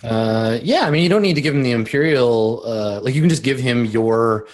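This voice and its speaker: A man running a tabletop role-playing game as game master. His narration is casual and rambling, full of fillers and restarts as he sets each scene. His voice sits at a middling, ordinary pitch. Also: normal speed.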